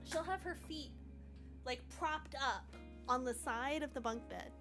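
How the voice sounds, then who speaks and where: A high-voiced woman in her thirties chats through a live coding stream, telling stories with lively, animated asides. Soft music plays faintly behind her. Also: measured pace. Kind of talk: casual chat while coding.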